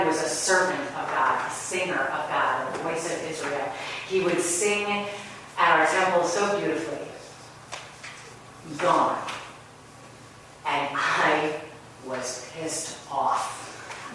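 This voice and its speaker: Woman speaker, storytelling sermon, wry humor, heavy hall echo, distant mic. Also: fairly low pitch. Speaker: spiritual speaker. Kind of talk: conversational sermon to a congregation. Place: large hall with a live audience. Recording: echoey hall, far off, background hiss.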